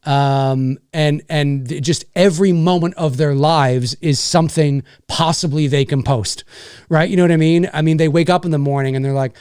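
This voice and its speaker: A man's voice: fairly high pitch, steady tone, moderate pace, darkish tone, smooth, no room sound, studio quality. A man hosting a casual livestream rant, rambling and swearing, with many restarts. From Canada. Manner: rambling, profane, frequent restarts. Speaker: YouTube host.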